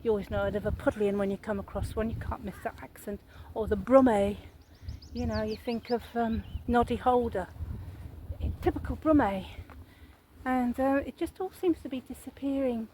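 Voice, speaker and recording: A woman's voice: on the high side, moderate pace, warm tone, slight background noise, rough recording. A woman, talking casually to her viewers in a rambling, chatty vlog monologue and putting questions to them. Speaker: vlogger.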